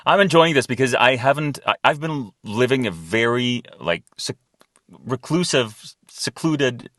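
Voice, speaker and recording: A man's voice: mid-range voice, lively intonation, unhurried, a bit bright, no echo, clean studio sound. Male voice actor chatting as a guest. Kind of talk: casual interview chat.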